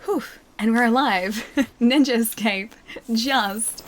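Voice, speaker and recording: A woman streaming a video game, chatting casually and thanking viewers, her voice hoarse as it recovers. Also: a little high, takes it slowly. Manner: chatty, thanks viewers, reacts excitedly to the fight. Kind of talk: casual live-stream chat while playing.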